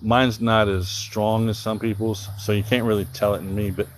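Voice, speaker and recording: A man's voice: lowish voice, level tone, normal speed, slight background noise. A man from Southern Illinois with a mild Southern accent, chatting casually and rambling on a live stream while fishing outdoors. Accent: Southern American. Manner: rambling, easygoing, thinks aloud, reads out viewer comments. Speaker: livestreaming angler. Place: outdoors by the water.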